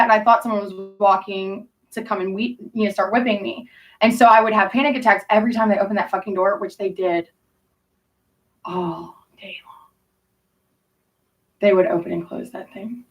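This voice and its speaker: A woman's voice: mid-range voice, steady tone, fairly quick, far from the mic. A woman telling rambling, profane stories in casual chat with her stream audience. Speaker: livestreamer talking to chat.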